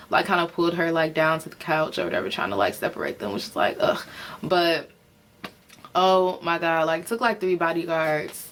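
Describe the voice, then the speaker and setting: A woman's voice: lowish voice, a bit bright. A tired woman casually reviewing a reality TV episode, rambling with lots of fillers, swearing, and giggling. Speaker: reality TV recapper.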